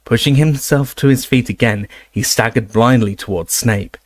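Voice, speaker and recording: A man reading a fantasy novel aloud as an audiobook narrator, expressive and raising his voice for the shouted moments. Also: mid-range voice, normal speed, no room sound.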